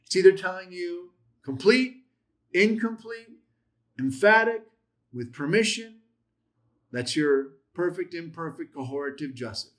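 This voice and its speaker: A man teaching a Bible class on Hebrew verbs, his voice sitting a little high for a man. He talks with strong emphasis, pushing some words out loudly and dropping others to near a murmur. When he reads scripture aloud he acts it out, lifting his pitch for the quoted lines. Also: lively intonation, measured pace. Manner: emphatic, swings loud and soft for stress. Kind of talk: Hebrew grammar lesson.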